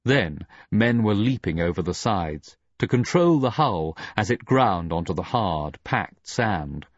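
A man narrating an audiobook in a dramatic, expressive reading. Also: low-pitched, a little slow, no echo, dull audio. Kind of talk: scripted narration.

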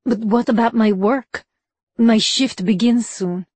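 A woman's voice: fairly high pitch, takes it slowly, a little mellow, slightly rough, no room sound, pitched above the performer's own voice. A woman voicing a wary, weary middle-aged Russian woman who speaks in clipped, broken English. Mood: anxious.

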